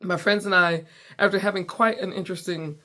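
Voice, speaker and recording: An American comedian and podcast host tells a story with a brisk delivery and a fairly low-pitched voice. She keeps it casual, animated, and playful, voicing the dialogue herself.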